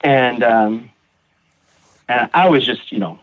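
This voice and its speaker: A man guest on a recovery podcast, telling his personal story in a halting way, repeating words and acting out what others said. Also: mid-range voice. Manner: halting, repeats words, acts out quoted voices. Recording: tinny phone-like audio.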